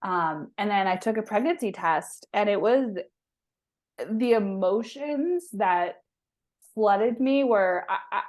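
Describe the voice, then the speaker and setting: A woman's voice: mid-range voice, animated, slow, darkish tone. A woman in her thirties, a guest on an interview show, telling a personal story in a chatty, emotional way with many restarts. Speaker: guest, holistic health practitioner.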